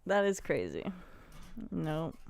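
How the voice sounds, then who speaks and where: A woman's voice: deep voice, sing-song, slow, creaky, a little mellow, no echo. A young woman co-hosting a podcast, chiming in casually in chat. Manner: casual, chiming in with short remarks. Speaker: podcast co-host.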